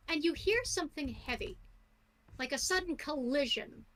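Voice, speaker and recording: A woman running a tabletop role-playing game, narrating scenes casually with wry asides. Her voice sits high. She fills gaps with loose fillers. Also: lively intonation, normal speed, fairly bright tone, rough recording. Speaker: game master.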